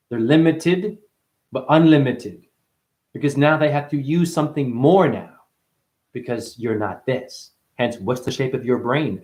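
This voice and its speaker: A man hosts a livestream and delivers a meandering spiritual sermon, swearing freely. His voice sits at an ordinary male pitch but keeps jumping into sudden high, loud exclamations. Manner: profane, rambling, preachy. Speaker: livestream host. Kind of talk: rambling spiritual livestream monologue.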